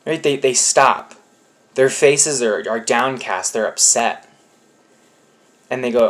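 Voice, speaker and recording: A man's voice: medium pitch, steady tone, a little slow, pauses often, fairly bright tone. Casual young man preaching. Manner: conversational, acts out quotes with playful voices. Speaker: youth pastor. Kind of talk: casual youth sermon.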